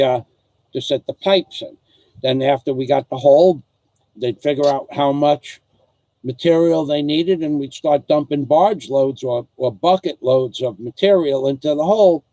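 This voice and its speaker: An older man spins a casual, digressive yarn, stopping and restarting his sentences as he goes. His voice sits a little on the high side. The sound is dry and close, with no room around it. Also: darkish tone, dry recording, poor audio. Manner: rambling, digressive, full of restarts. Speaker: father recounting his life. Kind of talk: casual storytelling.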